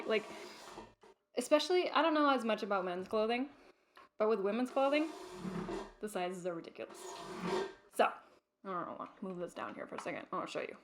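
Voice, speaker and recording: A woman's voice: mid-range voice, slight background noise. A young adult woman hosting her own vlog, chatting casually to camera with lots of fillers and restarts. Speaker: vlog host.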